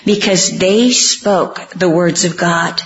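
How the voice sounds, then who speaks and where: A middle-aged woman preaching a sermon, telling family stories and acting out the dialogue with lively delivery. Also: fairly low pitch, takes it slowly. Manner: animated storytelling, acts out family dialogue. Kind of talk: sermon with comic anecdotes. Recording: dull, echoey room sound.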